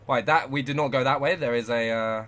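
A young man giving live gameplay commentary, muttering to himself one moment and shouting at the game the next. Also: medium pitch, fairly quick. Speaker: gaming channel host.

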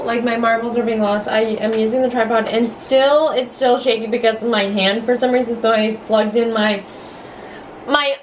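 A young woman chats through her art-business vlog in an easy, rambling way, giggling and gushing over small things. Her voice sits a touch high and she takes her time. A faint room hum lies under the recording. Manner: bubbly, gushing, giggly, rambling with many fillers. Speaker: artist and small business vlogger. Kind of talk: casual vlog narration.

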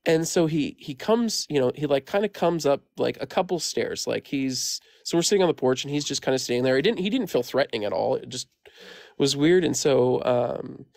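A man's voice: mid-range voice, expressive, fairly quick, gravelly, a little mellow, dry recording. A man in his thirties from the Midwest of the United States, casually telling a story as a caller, rambling with lots of "like" and "um" fillers. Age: 30s. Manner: rambling, heavy use of "like" and "um" fillers. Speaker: caller sharing a paranormal story.

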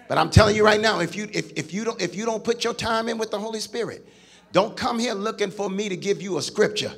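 Male preacher, high husky voice, shouting sing-song sermon. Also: fast talker, some chatter behind. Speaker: pastor.

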